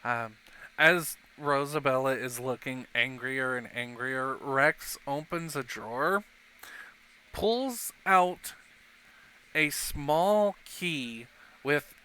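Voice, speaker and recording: A man narrating as game master of a tabletop role-playing game in a relaxed way. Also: a little high, slow, smooth, low-quality recording.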